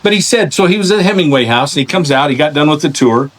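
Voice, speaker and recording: A man hosting a podcast, telling long stories in a lively way, with many restarts and repeated words. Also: a little high, fast talker. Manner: animated storyteller, acts out voices in anecdotes. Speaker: podcast host. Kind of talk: casual interview chat.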